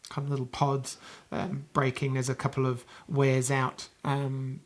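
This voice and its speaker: In a monotone, mid-range voice, a New Zealand man running a tabletop game as game master narrates in a rambling way, with frequent pauses and restarts.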